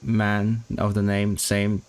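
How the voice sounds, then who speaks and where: A low-pitched man talks at an unhurried, slow pace during a live study stream. He thinks aloud and stumbles over restarted words. His puzzled asides to himself keep the talk halting. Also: completely flat delivery, a little mellow. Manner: halting, restarting words while working out signed content; puzzled self-questioning asides. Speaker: language-learning streamer.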